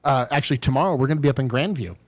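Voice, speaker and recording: A middle-aged man chats casually on a podcast, telling a family story and jumping up in pitch whenever he acts out what someone said. His voice sits at an ordinary middle pitch and sounds close and dry, with little room around it. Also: rapid-fire, no echo. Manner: animated storyteller, acts out quotes. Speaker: podcast co-host.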